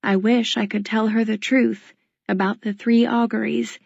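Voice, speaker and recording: A woman narrating a novel in the first person, in a quiet, measured, introspective way. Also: a little high, level tone, creaky, dry recording, lo-fi sound. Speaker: audiobook narrator.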